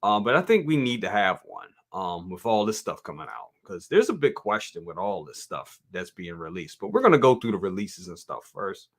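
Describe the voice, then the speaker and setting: A man's voice: on the low side, big pitch swings, normal speed, hardly any pauses, a bit bright. A man hosting a live toy review stream, chatting casually and reading viewer comments aloud. He talks straight to his viewers, repeats himself often and laughs easily. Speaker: toy review show host.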